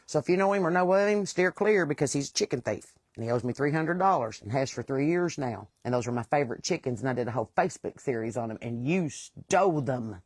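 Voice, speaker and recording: A woman's voice: extremely low pitch, animated, fast, hardly any pauses, darkish tone, no echo. A middle-aged woman with a West Virginian accent, hosting a casual monologue and talking in a blunt, plain-spoken, aggravated way. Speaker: host.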